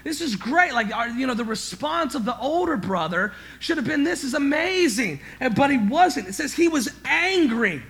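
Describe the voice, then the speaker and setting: High, bright-voiced male preacher. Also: expressive, normal speed, few pauses. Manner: emphatic preaching, swinging from quiet to loud; stammers and repeats words when worked up. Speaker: pastor. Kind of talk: sermon.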